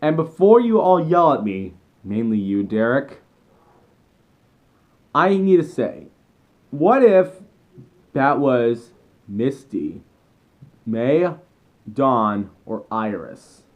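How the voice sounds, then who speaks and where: Excitable young man ranting as a fan. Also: mid-range voice, slow pace, pauses often, narrow, tinny audio. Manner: animated, excitable, rambling with self-corrections. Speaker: vlogger.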